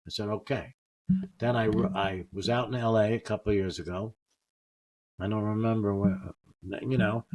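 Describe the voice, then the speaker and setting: An older man, a comedian, telling personal stories casually and acting out what others said. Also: fairly low pitch. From United States. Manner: animated anecdotes, acting out quotes. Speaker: guest comedian. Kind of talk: casual storytelling.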